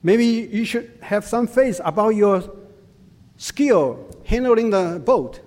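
Slow-speaking man preaching in a hall. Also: sits high, expressive, a little mellow. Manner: slow, deliberate preaching in simple non-native English. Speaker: pastor. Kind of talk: sermon. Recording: long hall reverb.

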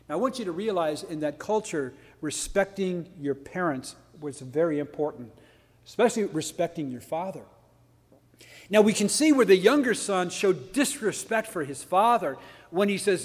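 Emphatic high-voiced male preacher. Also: lively intonation, normal speed, big-room sound. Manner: earnest and emphatic, with many restarts and rhetorical questions. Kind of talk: sermon.

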